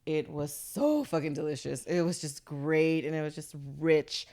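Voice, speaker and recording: A woman chef chatting casually, animated and laughing often, swearing freely. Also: sits low, moderate pace. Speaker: chef, guest. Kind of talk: casual tipsy chat.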